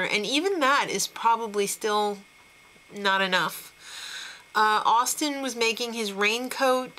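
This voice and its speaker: A woman's voice: medium pitch, bright, forceful tone, poor audio. A woman hosting a casual TV recap show, chatty and opinionated, laughing between remarks.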